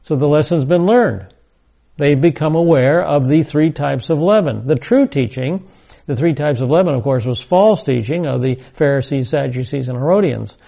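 Gravelly-voiced man teaching a Bible study. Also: fairly high pitch, dark tone, lo-fi sound. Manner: deliberate, emphatic, repeats key words.

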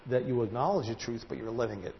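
A man's voice: mid-range voice, fast talker, dull audio, slight background noise. Man teaching a Bible study in a hall. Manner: explains in numbered points, often stressing single words loudly. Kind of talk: verse-by-verse Bible study lesson.

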